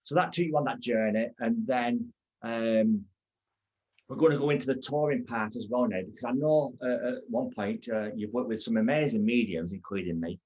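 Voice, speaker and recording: A man hosting an interview, asking halting, meandering questions with plenty of fillers. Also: mid-range voice, a little mellow, slightly rough. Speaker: podcast host. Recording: dull lo-fi sound.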